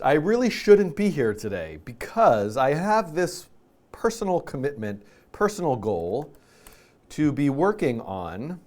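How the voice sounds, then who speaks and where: A middle-aged man hosts a casual live stream, rambling playfully and poking fun at himself. His pitch swings widely from line to line. He sounds tired and slightly out of breath. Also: darkish tone. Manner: playful, rambling, self-deprecating. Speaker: host.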